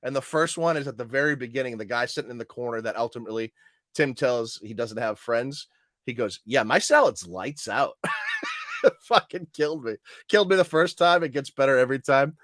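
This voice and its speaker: A man co-hosting a casual podcast chat, laughing often and quoting lines in animated bursts. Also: mid-range voice, fairly quick, no echo, clean studio sound. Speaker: podcast co-host.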